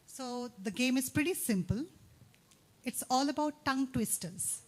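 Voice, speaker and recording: A woman emceeing a campus event, upbeat and coaxing, rattling off tongue twisters quickly. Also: high voice, expressive. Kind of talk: lively stage hosting.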